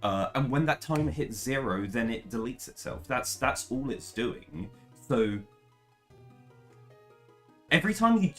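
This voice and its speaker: A woman's voice: a bass voice, very animated, unhurried, long pauses, soft background music. Swearing woman ranting over gameplay. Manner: swears a lot, rants in frustration, then explains in a rush. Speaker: speedrunner streaming a game. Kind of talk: live gameplay commentary.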